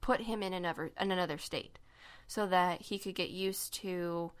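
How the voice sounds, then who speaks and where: A woman's voice: fairly low pitch, fairly even intonation, normal speed, clean tone. A young woman hosting a casual podcast chat, explaining a conspiracy story with lots of fillers and laughs. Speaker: podcast co-host.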